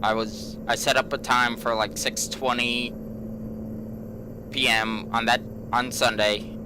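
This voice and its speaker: A man's voice: medium pitch, level tone, takes it slowly, noisy background. A man hosting a gaming channel, telling a long everyday story in a rambling way, repeating himself and filling gaps with "you know.". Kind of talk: casual storytelling vlog.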